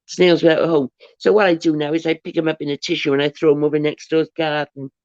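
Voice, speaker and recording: A woman's voice: sits low, flat delivery, quick pace, darkish tone, dry recording. A woman hosts a casual livestream, thanking viewers and wandering off into anecdotes. She rambles and trips over her words, restarting sentences as she goes. Her voice comes through dull and lo-fi, with a dry, close sound. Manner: rambling, chatty, restarts and stumbles. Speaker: livestream host. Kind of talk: casual chat, reading viewer comments aloud.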